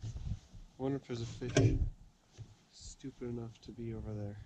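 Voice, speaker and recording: A man's voice: mid-range voice, steady tone, moderate pace, long pauses. A man casually narrating his wilderness camping trip to camera in an easygoing, chatty way, out on a lake. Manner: laid-back, easygoing, chatty. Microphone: camera mic outdoors. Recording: noisy outdoor camera audio.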